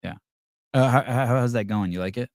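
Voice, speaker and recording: In a mid-range voice at a moderate pace, the host spins rambling stories, acting out quotes amid many fillers and restarts. The recording is dry and studio-clean.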